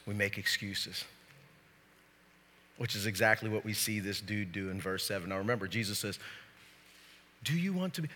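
A man preaching a sermon as pastor in a church, joking with the crowd and speaking to them directly. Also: fairly low pitch. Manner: lively, joking, talks straight to the crowd. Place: church sanctuary. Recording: long hall reverb.

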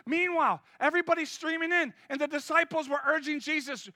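High-voiced, bright male preacher. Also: brisk, no echo, clean studio sound. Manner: energetic, conversational preaching that urges the crowd on. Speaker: pastor. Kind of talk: sermon.

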